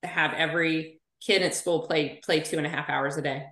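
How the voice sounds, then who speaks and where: Guest: forties woman physical therapist, lower voice, lively storyteller, echoey room. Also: moderate pace. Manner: chatty storyteller, animated asides. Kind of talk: casual podcast interview. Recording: roomy echo.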